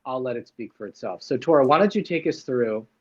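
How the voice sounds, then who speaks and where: A man's voice: mid-range voice, expressive, brisk, darkish tone, highs cut off. A man hosting a livestream, chatting playfully and teasing his guest while putting on a silly accent. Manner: jokey, put-on silly accent, teasing banter. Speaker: livestream host.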